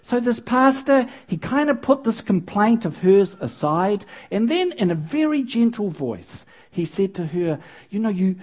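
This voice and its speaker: Woman preacher, husky voice, swooping expressive delivery, teasing the congregation mid-story. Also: mid-range voice. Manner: animated, with playful asides to the audience. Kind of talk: sermon with storytelling.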